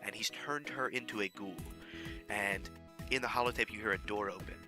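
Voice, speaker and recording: A man's voice: on the low side, a little fast, music in the background. A man casually explaining how he made his fan audio drama, rambling with many fillers and restarts. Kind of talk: casual behind-the-scenes talk.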